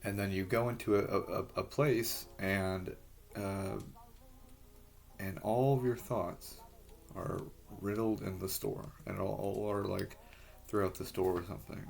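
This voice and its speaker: Deep gravelly dude rambling to the camera, starts and stops a lot, swears constantly. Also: male voice, fairly even intonation. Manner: halting, frustrated, heavy swearing. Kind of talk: rambling personal monologue.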